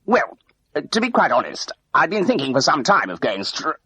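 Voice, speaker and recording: A man's voice: a little high, very animated, moderate pace, pushed and bright, slightly rough, dull audio, pitched above the performer's own voice, exaggerated voice. A man voicing a bluff middle-aged ex-crook posing as a major, chatty and hesitant, full of ums and uhs.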